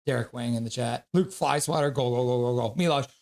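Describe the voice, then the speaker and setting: A man calling a hockey game on a live stream and reading chat messages aloud with excited shouts. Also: mid-range voice, fairly quick, creaky. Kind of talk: casual live-stream commentary.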